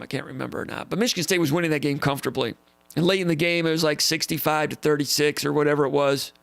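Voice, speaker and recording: A man hosting a live show and answering viewer questions, telling stories in a casual, animated way and repeating phrases for emphasis. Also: fairly high pitch, vocal fry, dry recording. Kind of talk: casual live-stream storytelling.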